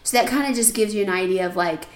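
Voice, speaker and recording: A woman's voice: mid-range voice, quick pace. Chatty woman in an echoey room. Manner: animated storyteller, acts out quoted people loudly. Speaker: podcast co-host. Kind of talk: casual chat, storytelling.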